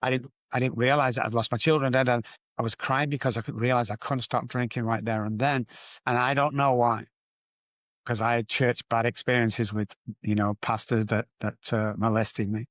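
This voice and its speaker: A man's voice: steady tone, normal speed, a bit bright, no room sound. A man as a podcast guest, speaking candidly and emphatically about addiction, repeating phrases for stress. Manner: emphatic, repetitive, rises in pitch for stress. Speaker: guest, addiction recovery doctor. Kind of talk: candid interview storytelling.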